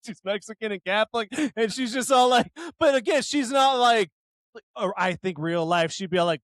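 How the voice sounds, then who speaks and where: A man co-hosting a casual podcast, animated and laughing often as he acts out scenes. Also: high voice, moderate pace, dry recording. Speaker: podcast co-host.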